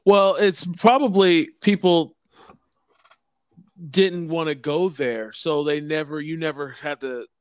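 A man in casual chat who talks haltingly, restarting his sentences. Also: on the high side, smooth, no room sound.

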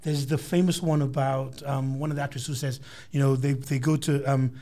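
A man's voice: medium pitch, steady tone, brisk, warm tone. A man co-hosting a casual podcast, asking questions eagerly and playfully. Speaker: co-host.

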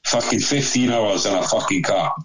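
A man's voice: fairly low pitch, moderate pace, a bit bright, slight background noise, poor audio. A man telling a rambling, sweary anecdote in casual chat, with laughs along the way. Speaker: storyteller.

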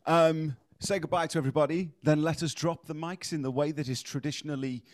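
A man's voice: on the high side, steady tone, brisk, dry recording, studio quality. A man hosting a podcast in casual, jokey chat and steering an improv game. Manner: jokey, loose, swears for laughs. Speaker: podcast host.

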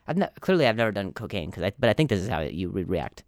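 Stuttery guy doing his own comedy podcast, rambly, self-roasting, bouncy pitch. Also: big pitch swings, quick pace, few pauses, no echo, studio quality. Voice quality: stutter with many repeated words and sound blocks. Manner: self-deprecating, rambling, jokey. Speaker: podcast host.

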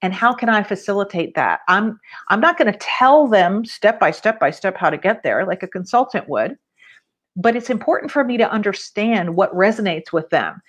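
A woman with a mid-pitched voice talking as a podcast guest, upbeat and candid. She explains her coaching approach in a motivational way. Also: expressive, moderate pace. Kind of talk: casual interview.

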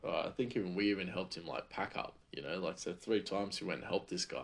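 A man's voice: low voice, fast talker, vocal fry. A man, a chef, telling a heated, rambling story about his work, full of fillers and restarts. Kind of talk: casual storytelling monologue.

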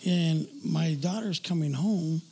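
Male co-host, husky, a bit high-pitched, crude and joking in casual chat. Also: takes it slowly, dark tone.

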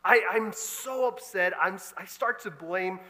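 High, bright-voiced pastor telling a story. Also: male voice, unhurried. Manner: animated, laughing, exasperated storytelling. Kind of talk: storytelling sermon. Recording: long hall reverb.

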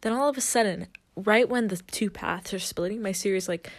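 A young woman in her twenties, chatting casually as a podcast co-host. She tells stories with plenty of "like" and laughs often along the way. Her pitch sits in an ordinary middle range. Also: fairly quick. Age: 20s. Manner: laughing, storytelling with lots of "like". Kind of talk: casual chat.

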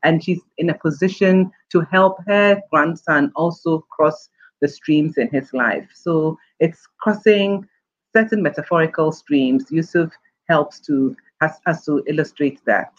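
Low-voiced woman on muffled audio. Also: unhurried. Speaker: author guest. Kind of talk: interview answer.

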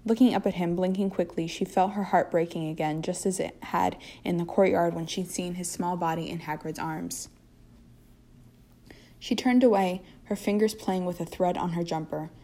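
Low-voiced woman reading fiction aloud. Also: normal speed. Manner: steady reading with occasional slips and restarts. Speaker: fanfiction reader.

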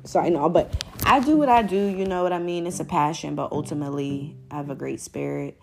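A podcast host with a low, creaky, darkish voice talks fairly quickly and directly to her listeners, calling them "y'all." Her American accent drifts between northern and southern as she rambles through a chatty, playfully boastful solo monologue over guitar music.

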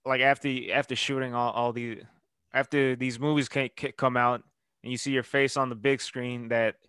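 A man hosting a casual interview, asking stumbling, halting questions. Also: medium pitch, flat delivery, a bit bright, smooth, dry recording.

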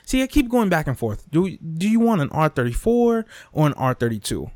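A young man on a podcast, talking off the cuff in a loose, profane rant. His pitch leaps all over the place as he gets worked up, and the sound is close and dry with no room around it. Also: normal speed, no echo. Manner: animated, profane, repetitive, swings into mock whispers and impressions. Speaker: podcast host. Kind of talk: casual rant monologue.

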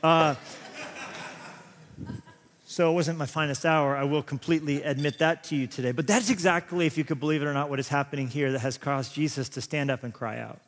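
A man's voice: a little high, steady tone, fairly quick. A man in his thirties preaching a sermon, telling rambling, self-deprecating stories full of restarts. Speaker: pastor. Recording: long hall reverb.

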